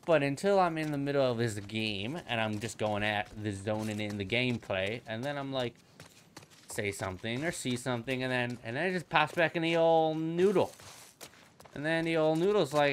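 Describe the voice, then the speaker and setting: A young man talking over his gameplay in a loose, rambling way, swearing freely and joking to himself. His voice sits at an ordinary middle pitch, with a faint hiss and the odd click of buttons underneath. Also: moderate pace, fairly bright tone. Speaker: gaming channel host. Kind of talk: casual gameplay commentary.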